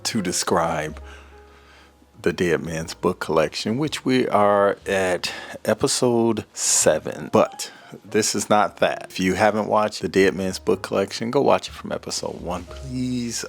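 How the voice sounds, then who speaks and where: A man hosting his book channel, chatting casually and reading out viewer comments, relaxed and at times drifting soft and quiet. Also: deep voice, a little slow, vocal fry, soft background music. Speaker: booktube host.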